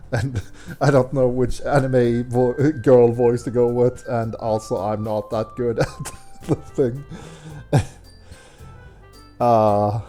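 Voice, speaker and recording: A man's voice: mid-range voice, level tone, slow pace, long pauses, warm tone, soft background music. A man streaming a game, reading its narration and commenting with self-deprecating chuckles. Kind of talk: let's-play commentary and narration.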